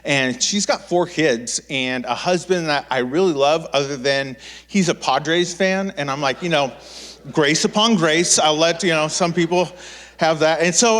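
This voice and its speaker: A man in his thirties preaching in a church, telling a childhood story with lively acted-out voices and frequent restarts. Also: a little high. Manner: animated, acts out quoted voices, many restarts. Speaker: pastor. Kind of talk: storytelling sermon.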